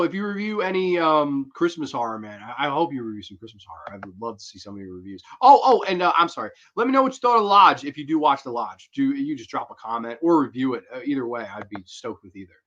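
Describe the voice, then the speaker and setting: Expressive and quick with hardly any pauses, a young man speaks in a slightly high, a bit bright voice while hosting a horror movie review livestream. He rambles, uses slang and reads chat aloud to answer viewers, on dull lo-fi audio.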